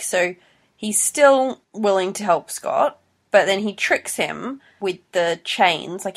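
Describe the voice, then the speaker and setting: A woman co-hosting a podcast, analyzing a TV show in casual chat and thinking aloud. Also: fairly low pitch. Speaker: podcast co-host.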